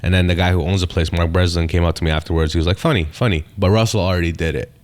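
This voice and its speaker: Very deep-voiced comedian, profane and animated. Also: male voice, rapid-fire. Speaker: stand-up comedian, podcast guest. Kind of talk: casual podcast chat.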